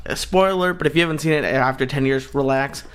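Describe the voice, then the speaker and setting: A man's voice: mid-range voice, fairly quick, fairly bright tone. A man co-hosting a podcast, speaking casually and hesitantly. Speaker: podcast co-host. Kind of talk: casual chat.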